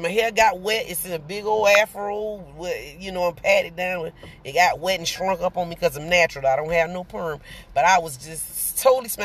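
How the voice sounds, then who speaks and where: A woman's voice: lowish voice, a little hiss or hum. Chatty woman in her forties. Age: 40s. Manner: chatty, animated storytelling, greets viewers by name. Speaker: vlogger. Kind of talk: casual live-stream chat. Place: in a car. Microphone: phone camera.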